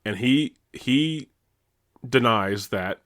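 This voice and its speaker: A man's voice: medium pitch, extremely slow, fairly bright tone, no echo, studio quality. A man co-hosting a podcast in casual chat, laughing often and restarting his sentences. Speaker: podcast co-host.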